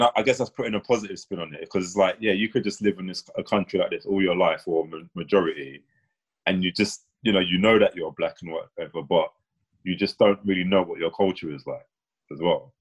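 Man, very deep voice, rapid delivery, slightly husky, casual and reflective. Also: rough recording. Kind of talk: casual chat.

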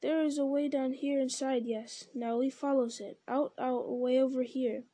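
A sly, creeping male creature, put on by a woman reading aloud, lilting in a wheedling sing-song. The voice sits a little high and stays mellow and soft-edged. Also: fairly even intonation, moderate pace. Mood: eager.

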